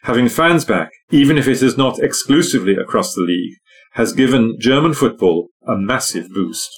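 A man's voice: medium pitch, animated, normal speed. Man reading a news article aloud. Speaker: newspaper article reader.

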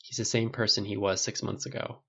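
A man's voice: on the low side, flat delivery, brisk, creaky, slightly rough, highs cut off, heavily acted. A man reading aloud and voicing a firm, cutting middle-aged mother in an audiobook of a story. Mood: sad, quiet. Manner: sharp, exasperated, poisonous.

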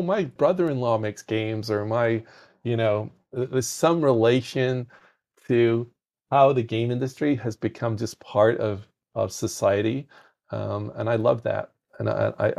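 A man with a gravelly, mid-pitched voice and a softened foreign accent, guesting on a podcast. He tells animated anecdotes, doubling up words as he gets going. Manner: animated anecdotes, repeats words when starting sentences. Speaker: podcast guest, game industry founder. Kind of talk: conversational storytelling.

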